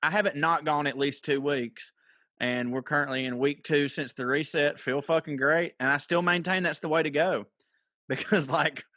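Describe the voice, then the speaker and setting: A man's voice: a little high, fairly even intonation, moderate pace, sharp tone, no room sound, studio quality. A man, co-hosting a podcast with blunt, profane, slangy banter. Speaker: podcast co-host. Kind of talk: casual chat.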